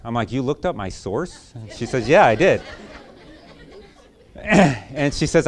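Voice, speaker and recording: A man's voice: mid-range voice, lively intonation, a little slow, pauses often, a faint crowd. A man preaching a sermon, telling a folksy personal story in a repetitive, conversational way before turning to emphatic preaching.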